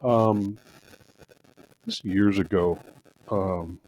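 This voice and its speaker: A man's voice: lowish voice, drawn-out words, darkish tone, a little hiss or hum. A man from the congregation telling a personal story animatedly, with restarts and asides. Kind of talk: personal story shared aloud.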